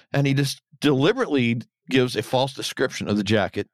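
A man co-hosting a podcast, recapping episode scenes in casual chat and now and then mimicking characters in a higher voice. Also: big pitch swings, fast, few pauses, no room sound, clean studio sound. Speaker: podcast co-host.

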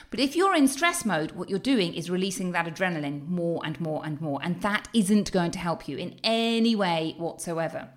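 A middle-aged woman health coach giving an expressive, animated motivational talk. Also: lowish voice. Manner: expressive, animated, exclaims often. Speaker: health and weight-loss coach.

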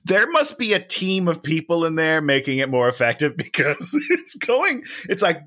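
Lively, bright-voiced podcast co-host. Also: mid-range voice, normal speed, hardly any pauses. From Minnesota. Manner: animated, jokey, exaggerating. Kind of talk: casual chat about a movie.

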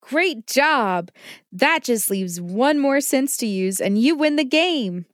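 A woman's voice: sits high, lively intonation, slow pace, no room sound, clean studio sound. A woman voicing a patient, caring mother who teaches her child kitchen safety. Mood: warm. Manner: patient and instructive. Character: gentle, safety-minded mother.

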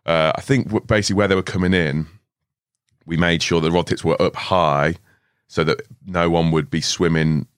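A young man in his twenties with an extremely low, rumbling voice tells stories in a podcast studio. His delivery is relaxed and full of swearing, with laughs breaking through. The sound is close and dry, with no room echo. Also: normal speed, clean tone. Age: 20s. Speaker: podcast guest. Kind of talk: casual storytelling chat.

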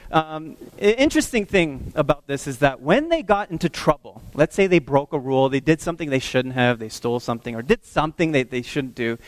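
A man preaching a sermon, telling stories in an animated way and acting out the voices of the people in them. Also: fairly high pitch, no echo. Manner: animated storytelling, acts out voices. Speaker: pastor.

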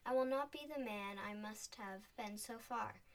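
A woman's voice: medium pitch, measured pace, close to an everyday voice. A woman reading as old Scrooge, pleading and frantic. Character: old man Scrooge, fearful then overjoyed. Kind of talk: storybook reading. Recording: voice a bit distant from the mic.

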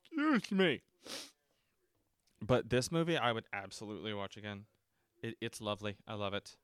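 Seated at a desk mic and working from notes, a man hosts a laid-back solo podcast reviewing movies. His voice is fairly low and fast, with a clean tone and studio-quality sound free of any room noise. He rambles, curses a lot, fills gaps with fillers and keeps starting his sentences over.

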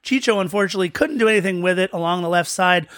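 High-voiced man recapping a match. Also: racing, fairly bright tone, no echo, studio quality. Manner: eager, rambling analysis with restarts. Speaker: podcast co-host. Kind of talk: casual match-recap chat.

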